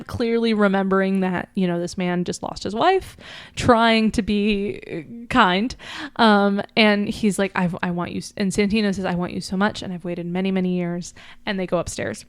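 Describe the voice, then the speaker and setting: A woman's voice: mid-range voice, smooth, no room sound. A woman podcast co-host casually recapping a book's plot, chatty and full of fillers, briefly acting out quoted lines. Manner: chatty, lots of likes and ums, acts out quoted lines. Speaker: podcast co-host summarizing a book. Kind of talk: casual chat recapping a story.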